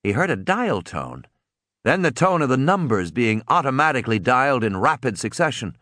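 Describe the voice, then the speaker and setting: A man narrating an audiobook in a dramatic, animated reading. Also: medium pitch, moderate pace, no room sound, clean studio sound.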